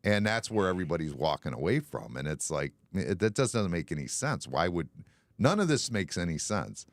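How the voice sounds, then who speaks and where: Deep-voiced man in blunt bar-talk. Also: fairly quick, dry recording. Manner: animated, blunt and sarcastic, swears freely. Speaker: podcast host. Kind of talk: casual bar-talk chat on a live stream.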